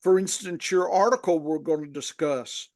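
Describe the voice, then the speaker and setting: A man's voice: a little high, moderate pace, darkish tone, dry recording, clean studio sound. A man with a Southern US accent, from Arkansas, hosting a podcast in a rambling, folksy way. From Arkansas, USA. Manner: rambling, folksy, lots of restarts. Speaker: podcast host. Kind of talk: casual podcast chat.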